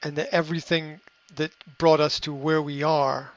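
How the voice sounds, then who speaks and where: A middle-aged man hosting a podcast, giving a motivational monologue in a halting way, repeating words and filling pauses with ums. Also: a little high, little pitch movement. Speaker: podcast host. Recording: slightly dull lo-fi audio.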